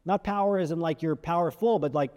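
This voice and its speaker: Man with a warm, mellow coaching voice. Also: a little high, brisk, big-room sound, lo-fi sound. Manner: demonstrates vocal techniques, shifts emphasis and volume; conversational, frequent "right?" asides and restarts. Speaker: career coach. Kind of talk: advice talk to camera.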